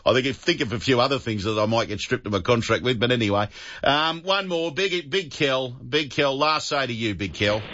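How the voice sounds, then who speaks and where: Bright-voiced Australian radio host. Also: male voice, mid-range voice, expressive, moderate pace, dull audio. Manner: jokey, laughs often. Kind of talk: talkback radio chat. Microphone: studio microphone.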